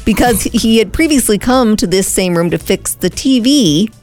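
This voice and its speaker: A woman co-hosting a radio show, bantering and briskly setting up comedy bits. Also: on the high side, expressive, a little mellow. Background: music.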